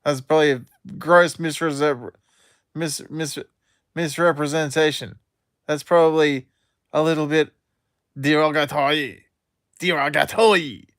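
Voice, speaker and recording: A man, drawling through a loose, profane monologue packed with fillers and false starts. His voice sits a touch high for a man and comes through smooth and clear. The sound is dry and close, with no room around it. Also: steady tone, unhurried, no echo. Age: 30s. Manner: rambling and profane, heavy with fillers and restarts. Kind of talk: rambling solo monologue.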